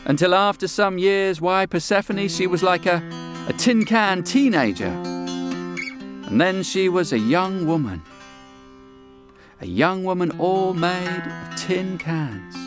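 A man telling a folk tale with unhurried, dramatic pauses and folksy asides, over guitar music. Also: high-pitched, animated. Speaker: storyteller. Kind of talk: oral storytelling.

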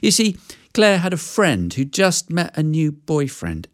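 Animated woman telling a fairy tale. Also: sits low, a little slow. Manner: animated, conversational telling with asides. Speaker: storyteller. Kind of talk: oral fairy-tale storytelling.

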